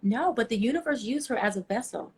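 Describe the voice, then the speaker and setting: A woman's voice: fairly high pitch, brisk, husky. A woman guest giving passionate motivational advice in an interview, telling stories with feeling. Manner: passionate, preachy, animated storytelling. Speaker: life coach guest.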